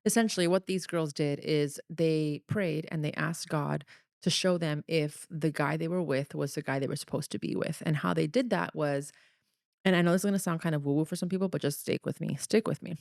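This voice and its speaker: Low gravelly-voiced woman podcaster. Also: fairly quick, darkish tone, no echo, studio quality. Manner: chatty, earnest, confessional storytelling. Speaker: podcast host. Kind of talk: solo podcast storytelling.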